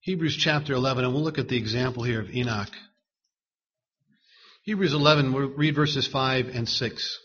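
A man preaching a sermon in a measured, emphatic way, repeating words to stress them. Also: mid-range voice, fairly bright tone, lo-fi sound.

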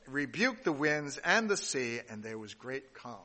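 A man's voice: mid-range voice, big pitch swings, moderate pace, pushed and bright, long reverb tail. A man giving a sermon, reading scripture aloud and adding casual asides, with some restarts along the way. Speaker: pastor.

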